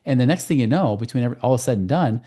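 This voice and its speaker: A man speaking as a guest on a podcast interview, telling client stories in a quick, storytelling way. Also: medium pitch, expressive, mellow, breathy edge. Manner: fast, storytelling with client anecdotes. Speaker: guest, financial coach.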